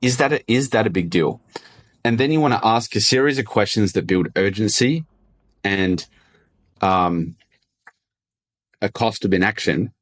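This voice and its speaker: Guy with a lowish voice chatting casually about sales calls, acts out little example lines. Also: unhurried, long pauses. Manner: loose and conversational, restarts and acts out sample dialogue. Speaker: agency owner coaching on sales. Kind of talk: casual solo talk to camera.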